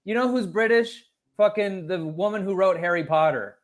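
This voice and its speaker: A man co-hosting a comedy podcast, telling stories in a casual, profane and animated way. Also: high-pitched, normal speed. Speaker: podcast co-host.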